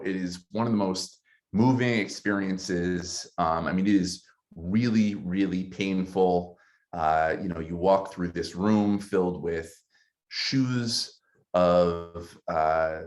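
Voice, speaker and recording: A man with a deep, low-pitched voice recounts a personal story from his teaching days. He speaks earnestly and haltingly, pausing often with ums as he gathers his thoughts. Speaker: city councilmember and former teacher.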